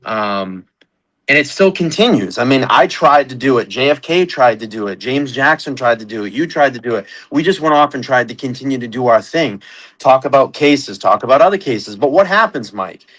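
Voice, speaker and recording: Brief: male stream guest, mid-pitched, halting, lots of ums and restarts. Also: lively intonation, a bit bright, rough recording. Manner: halting, many fillers. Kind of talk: casual livestream chat.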